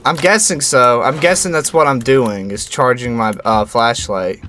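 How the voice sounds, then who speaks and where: A young man playing a horror game and commenting as he goes, reading on-screen text aloud in a slow low voice and yelping and shouting at the scares. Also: a little hiss or hum. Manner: jumpy, yelps and shouts at scares. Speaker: gaming YouTuber.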